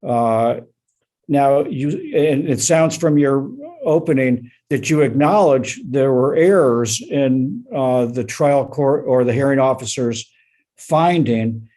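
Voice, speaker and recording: A man serving as an appellate judge, questioning lawyers in oral argument with halting, probing questions and many fillers. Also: medium pitch, dark tone.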